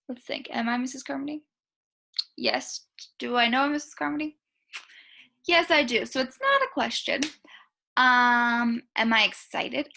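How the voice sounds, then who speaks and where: A kindergarten teacher, a young woman talking slowly and sing-song to small children through a writing lesson. Her voice sits a little high and bright, with a gravelly fry running under it. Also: lively intonation.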